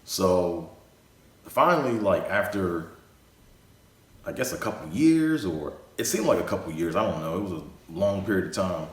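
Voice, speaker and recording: Deep-voiced young man, rambling story. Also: expressive, normal speed. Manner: rambling, full of "you know" and "like". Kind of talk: casual storytelling. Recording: echoey room.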